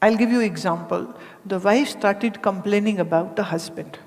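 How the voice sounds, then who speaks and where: A woman from India gives a spiritual discourse to a gathered audience. She keeps it conversational, tossing out rhetorical questions and slipping into the voices of the people in her stories. Her voice has a middling pitch and rings with a long reverb from a large hall. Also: moderate pace, darkish tone. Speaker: spiritual teacher.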